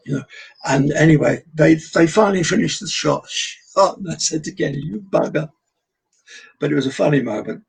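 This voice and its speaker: Gravelly older man telling stories. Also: fairly high pitch, normal speed, low-quality recording. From England. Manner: animated storyteller, acts out quoted voices. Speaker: guest entertainer. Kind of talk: anecdotal chat.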